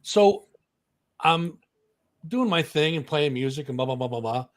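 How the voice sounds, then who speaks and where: This is a man co-hosting a casual music talk show, spinning a long story. His voice sits a little high for a man. He acts out the people he quotes with big pitch jumps. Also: lively intonation, measured pace.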